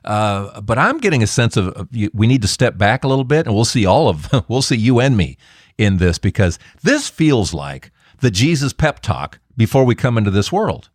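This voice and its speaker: A man's voice: lowish voice, sing-song, normal speed, no echo, studio quality. A man hosting a faith podcast, commenting in an emphatic, preacherly way with rhetorical questions. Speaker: podcast host.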